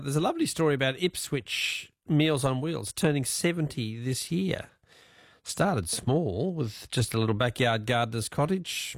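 Guy hosting talk radio, gravelly voice, chuckles a lot, mid pitch. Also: no echo, studio quality. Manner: chatty, musing aloud, chuckles often. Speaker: talkback radio host. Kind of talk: casual radio chat with callers. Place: radio studio.

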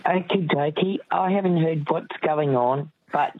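A woman's voice: low-pitched, a little slow, dry recording. A woman calling in to a radio quiz, chatty and easygoing. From South Australia. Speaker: caller. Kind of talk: casual radio call-in chat. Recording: thin telephone line.

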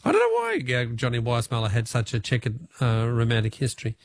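A man's voice: mid-range voice, wildly swooping pitch, creaky. A jovial, chatty Australian man hosting a radio quiz and talkback show. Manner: jovial, chatty, quick to laugh.

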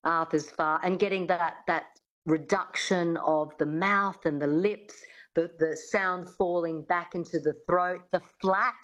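A woman's voice: fairly low pitch, fairly even intonation, unhurried, dull audio. A woman, a coach talking in an interview, chatty and full of restarts. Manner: chatty, many restarts and "I mean". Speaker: accent coach. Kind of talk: radio interview guest.

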